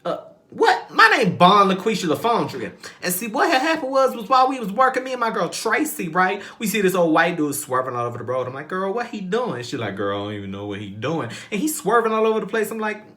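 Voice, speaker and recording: A man imitating a brassy woman telling gossip, sassy and loud. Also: high-pitched, big pitch swings, fast talker, few pauses, voice pushed up, full character voice.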